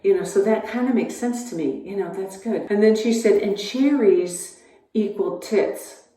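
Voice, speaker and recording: A woman's voice: brisk, warm tone. Rambling middle-aged woman, echoey and distant. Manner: chatty, rambling, acts out texts in a higher voice. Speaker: stand-up comedian. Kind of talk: stand-up comedy set. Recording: echoey room away from the mic.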